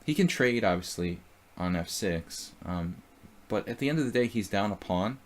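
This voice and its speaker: Low-voiced man thinking aloud over chess. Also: expressive, normal speed. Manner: thinks aloud about moves and chats with viewers. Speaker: chess streamer. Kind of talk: live chess commentary.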